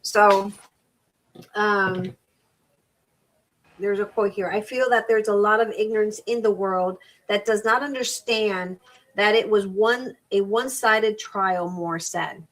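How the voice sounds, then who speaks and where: A woman's voice: mid-range voice, steady tone, takes it slowly, a bit bright, rough recording. A middle-aged woman hosting a crafting live stream, chatting casually and rambling as she repeats and restarts words. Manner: reads crafting measurements aloud. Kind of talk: casual chat while crafting.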